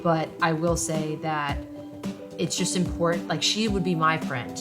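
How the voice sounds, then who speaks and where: Podcast host, woman in her late 20s, lowish pitch, blunt and profane storyteller, clear music bed behind. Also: steady tone, unhurried. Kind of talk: candid podcast conversation.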